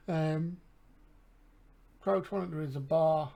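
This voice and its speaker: Husky English man thinking aloud. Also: a little high, a little slow, darkish tone. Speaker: gaming channel host. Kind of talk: casual game commentary.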